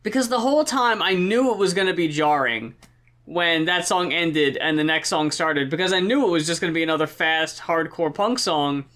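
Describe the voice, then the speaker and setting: A woman's voice: low-pitched, moderate pace, fairly bright tone. Blunt woman co-hosting a podcast. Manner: blunt, swearing, laughing. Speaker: podcast co-host. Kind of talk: casual chat, album review.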